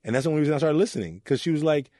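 A man from Oakland, California speaks very fast in a warm voice on the high side, with lively intonation, recorded at studio quality with no room sound. The youth mentor earnestly relates personal stories in a candid interview, acting out quoted voices.

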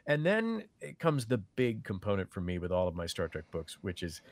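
A man with a fairly low voice talks through his craft in a relaxed, conversational way. He restarts his sentences often and slips into quick quoted asides. The sound is dry and close. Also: no echo. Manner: thoughtful, many restarts, quotes others in lively voices. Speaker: audiobook narrator. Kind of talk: conversational panel talk.

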